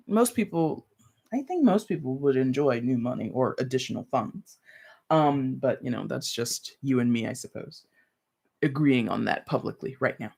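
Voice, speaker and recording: A tarot reader hosting a relaxed live stream, chatting to viewers as if they were friends. The talk is loose and rambling, full of "like" and "you know", with small laughs mixed in between card readings. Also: medium pitch, normal speed, vocal fry, husky. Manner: talks straight to viewers with light laughs.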